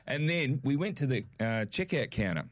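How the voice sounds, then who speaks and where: Animated Australian man telling stories. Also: mid-range voice, moderate pace, dry recording, studio quality. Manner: animated storyteller, acts out quotes. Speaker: co-host. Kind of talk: casual chat.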